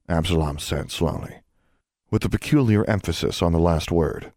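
A man narrating a storybook in a steady, measured way. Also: sits low, no echo, clean studio sound. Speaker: audiobook narrator.

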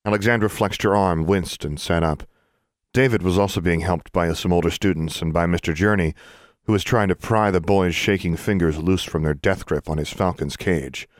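A man narrating an audiobook in a steady storytelling manner. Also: deep voice, moderate pace, no room sound, studio quality.

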